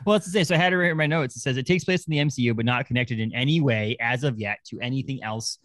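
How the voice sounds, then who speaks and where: A man co-hosting a podcast in casual chat, rambling and animated, often restarting his sentences. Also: medium pitch, rapid-fire, no echo. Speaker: podcast co-host.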